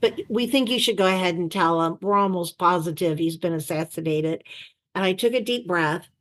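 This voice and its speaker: A woman's voice: lowish voice, moderate pace. Woman telling stories in a video interview. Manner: animated anecdote-telling with quoted voices. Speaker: author and former chief of staff. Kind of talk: storytelling in an interview. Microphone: video call.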